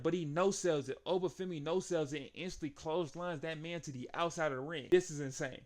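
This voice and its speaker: A young man with a slightly high voice recaps a wrestling match in casual, excitable talk. He laughs often and acts out the wrestlers' lines as he goes. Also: fast, hardly any pauses. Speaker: wrestling show reviewer.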